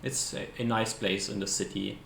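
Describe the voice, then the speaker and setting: A man runs a tabletop game as game master, his low voice gravelly with fry. He narrates hesitantly and fills gaps with ums. The room is echoey, with a faint hiss. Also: level tone, moderate pace, fairly bright tone. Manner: hesitant, searching for words with many fillers.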